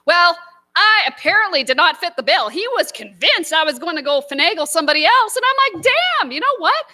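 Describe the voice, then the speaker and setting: A woman's voice: extremely high pitch, very animated, fairly quick, bright, forceful tone, dry recording. A woman doing a stand-up routine, brash and punchy in her delivery. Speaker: stand-up comedian.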